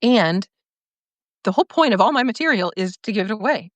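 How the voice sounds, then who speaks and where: Woman, podcast host, loose stream-of-consciousness chat, laughs a lot, mid pitch, dry close sound. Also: lively intonation, fairly quick, dry recording. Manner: many restarts and fillers. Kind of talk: casual livestream monologue.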